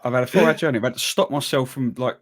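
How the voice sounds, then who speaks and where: A man's voice: racing, slight background noise. A man, co-hosting a podcast and telling a long story in casual chat, acting out what people said. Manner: animated storyteller, acts out quotes with big pitch jumps. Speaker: podcast co-host.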